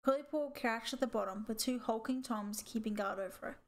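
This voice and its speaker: Woman audiobook reader, fairly high voice, steady storytelling narration. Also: a little fast.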